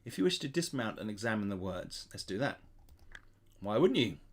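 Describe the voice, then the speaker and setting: A man reads a gamebook aloud, his pitch rising and falling expressively. He breaks off now and then for casual asides to his viewers, sounding relaxed and chatty. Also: normal speed. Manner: lively reading with casual asides to chat. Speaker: gamebook player and channel host. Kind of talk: reading aloud and commenting on a gamebook.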